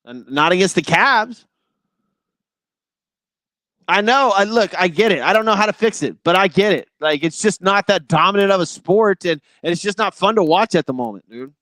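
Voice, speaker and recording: A man's voice: high voice, animated, normal speed, a bit bright, no echo, studio quality. A man hosting a sports talk show, giving a casual, opinionated monologue in a blunt and exasperated way.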